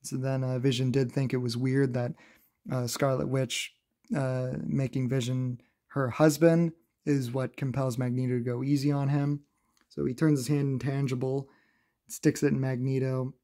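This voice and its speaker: A man recapping a comic book in a casual, chatty review, laughing often and filling pauses with "uh". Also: medium pitch, little pitch movement, warm tone.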